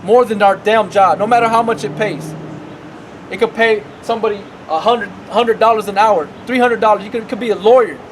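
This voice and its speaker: A man's voice: high-pitched, brisk, a little hiss or hum, low-quality recording. A man preaching a sermon outdoors as a street preacher, talking emphatically and repeating himself, often tacking on "man" and "right".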